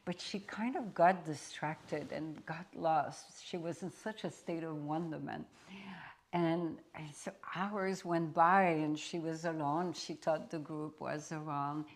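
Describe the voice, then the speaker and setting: A woman spiritual teacher telling a parable at a satsang in a deliberate storyteller's manner. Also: low voice, fairly even intonation.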